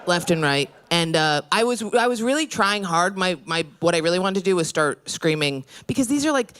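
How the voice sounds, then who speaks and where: A young woman from upstate New York performing a brash stand-up comedy set on a club stage, jumping into loud, high shouted bits. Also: animated, a little fast, clean tone. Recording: live club recording with crowd noise. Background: audience laughter and applause.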